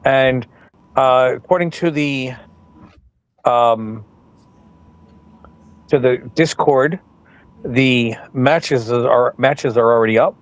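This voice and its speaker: A man co-hosts a podcast in casual chat. He rambles and pauses often, and his voice stays at an ordinary middle pitch. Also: clear, resonant tone. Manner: rambling, hesitant, full of ums. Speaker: podcast co-host.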